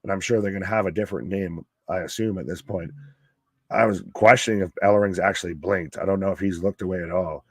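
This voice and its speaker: A man talks through a wrestling show live, casual and quick to swear or cheer when something catches him off guard. His voice sits a bit low and comes over a close mic with a dry sound. He chats loosely, as if to an audience watching along. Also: dry recording. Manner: excitable, swears, pops loudly at surprises. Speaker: alternative commentary host.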